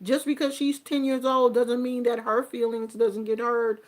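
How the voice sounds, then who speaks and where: A woman's voice: fairly high pitch, little pitch movement, moderate pace. An older woman, a grandmother, talking earnestly and reflectively about family and communication in a casual monologue. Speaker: vlogger giving life advice.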